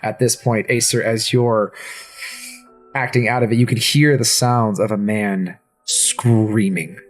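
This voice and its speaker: A man's voice: fairly low pitch, fairly even intonation, a little slow, faint music behind. A man narrating a tabletop game as game master, with descriptive, dramatic narration.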